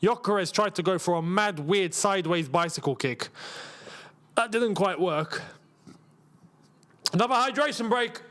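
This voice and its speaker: A man's voice: sits high, unhurried, pauses often, fairly bright tone. A young man hosting a live football watchalong, chatting casually, laughing often and using slangy banter. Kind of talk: casual live match commentary and chat.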